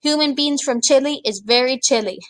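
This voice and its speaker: A woman voicing a huge, greedy, bullying male giant who booms and shouts insults in a storybook reading. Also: a little fast, dry recording, natural voice. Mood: gloating bully.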